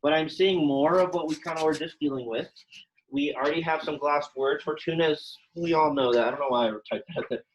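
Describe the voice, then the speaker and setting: A man's voice: fairly high pitch, a little fast, slight background noise, rough recording. A young man teaching a Latin class, explaining grammar in a chatty, informal way full of fillers, speaking to a classroom and online students. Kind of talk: classroom lesson, casual explaining.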